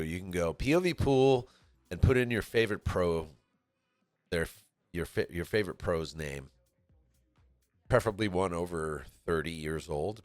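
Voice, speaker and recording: A man's voice: low-pitched, no room sound. A man from California giving laid-back, chatty commentary on a pool match, often laughing as he talks. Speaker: stream commentator.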